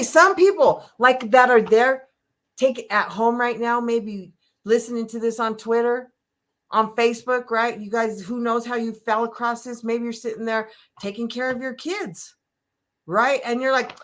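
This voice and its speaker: Animated older woman hosting a motivational talk. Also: medium pitch. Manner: animated, emotional storytelling with frequent laughs. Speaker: host.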